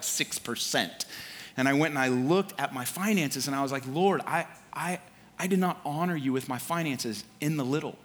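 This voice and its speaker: Casual preacher in a reverberant hall. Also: male voice, medium pitch, fairly bright tone. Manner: conversational preaching with casual slang and fillers. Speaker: pastor. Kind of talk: sermon.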